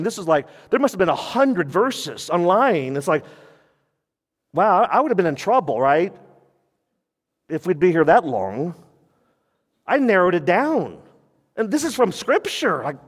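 A pastor preaches an animated sermon in a church sanctuary, the recording carrying the long reverb of a church hall. He swings between loud emphasis and sudden quiet, low warnings, asking the congregation questions and answering them himself.

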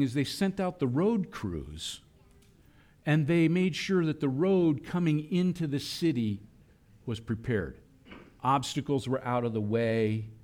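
A man preaching a sermon, animated, acting out voices in quoted lines. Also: mid-range voice. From Philadelphia area. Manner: animated preaching, voicing God and children in quotes. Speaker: pastor.

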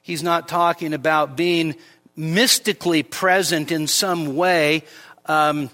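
A man preaching a midweek church sermon, his voice bright and forward with a slightly raised pitch. He talks slowly and conversationally, full of fillers and asides. When he quotes scripture, his voice climbs noticeably higher and louder. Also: steady tone, long reverb tail. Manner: conversational, with frequent fillers and rhetorical "right?" checks; rises sharply in pitch and volume when quoting scripture. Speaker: pastor. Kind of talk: expository sermon. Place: church sanctuary.

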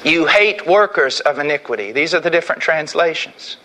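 Fiery preacher man, high and bright. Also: expressive, moderate pace. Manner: impassioned, swinging from shouts to hushed tones. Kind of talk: fiery sermon.

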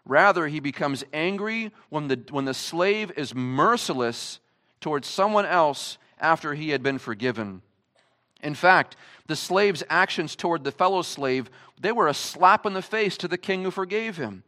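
High, lively-voiced male preacher. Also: moderate pace. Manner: emphatic, asks the congregation many rhetorical questions. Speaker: pastor. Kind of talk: sermon. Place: church service.

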